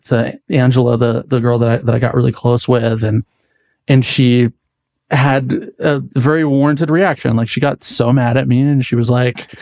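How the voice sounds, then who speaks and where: Man, mid-pitched voice, casual rambling storytelling, podcast guest, dry close recording. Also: a little mellow, no room sound. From United States. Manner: rambling, many likes and restarts.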